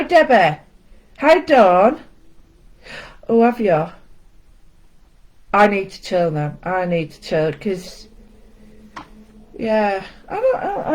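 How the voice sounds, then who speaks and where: A woman's voice: medium pitch, darkish tone, slight background noise, low-quality recording. Chatty woman teaching art. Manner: chatty, greets viewers by name, self-deprecating asides. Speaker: art session host. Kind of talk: casual live-stream art lesson. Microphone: home setup with camera.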